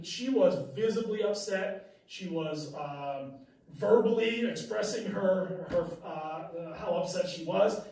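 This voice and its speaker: A male teacher telling a classroom story and lecturing, animated and full of fillers and restarts. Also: high-pitched. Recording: echoey room, mic at a distance.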